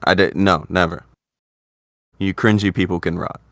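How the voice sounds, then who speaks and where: A man's voice: low voice, steady tone, moderate pace, fairly bright tone, no room sound, clean studio sound. A man hosting a casual commentary chat, blunt, profane and exasperated. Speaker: host.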